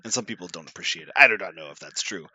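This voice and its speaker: A man talks on a podcast in a low but very bright, sharp voice, recorded dry and close. He is relaxed and lets his sentences trail off into quiet asides. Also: rapid-fire, breathy edge, dry recording. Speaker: podcast co-host. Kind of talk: casual podcast chat.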